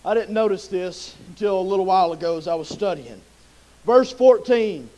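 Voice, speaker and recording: A man's voice: sits high, expressive, moderate pace, darkish tone. A man preaching a sermon with impassioned storytelling.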